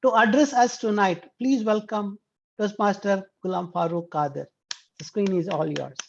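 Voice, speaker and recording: A woman's voice: medium pitch, normal speed, creaky, a little mellow, a little hiss or hum. A woman hosting a club meeting, reading a formal, prepared introduction of the next speaker. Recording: dull lo-fi video call audio.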